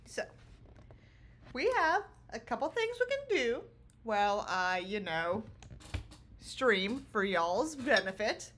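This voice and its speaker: A woman's voice: on the high side, very animated, slow, pauses often, fairly bright tone, a little hiss or hum. A woman streamer chatting casually with her viewers from home, giggling often and rambling. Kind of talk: casual livestream chat. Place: small home room.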